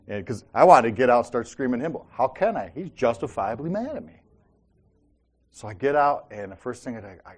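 A man's voice: mid-range voice, sing-song, brisk, slightly rough. A man hosting a faith talk show, telling personal stories and often checking in with "right?" and "Amen?". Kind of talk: faith-based casual talk.

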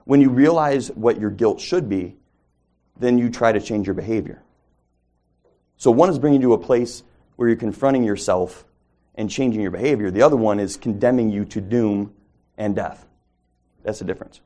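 A man with a warm, mellow voice teaches a small Bible study group. His delivery is conversational and relaxed, often pausing to ask his listeners questions and restating his words mid-sentence. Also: fairly low pitch. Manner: conversational, asks the group questions, self-corrections.

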